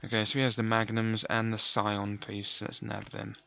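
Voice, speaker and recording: A man's voice: lowish voice, completely flat delivery, normal speed, vocal fry, fairly bright tone, dull audio, slight background noise. A man giving chatty, offhand let's play commentary, often correcting himself. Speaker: gaming commentator.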